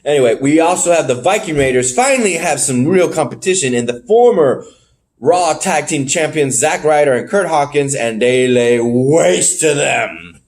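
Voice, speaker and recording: A man co-hosting a casual wrestling podcast. His voice sits a little high and leaps around in pitch, and he swears freely as he runs through the matches. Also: moderate pace. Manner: animated, swearing, jumps in pitch when surprised. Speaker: podcast co-host. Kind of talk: casual wrestling recap chat.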